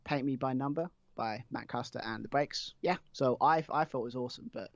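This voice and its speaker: A man's voice: medium pitch, a little fast, gravelly, dry recording, highs cut off. A man, a podcast guest chatting casually and rambling, with many fillers and restarts. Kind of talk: casual chat.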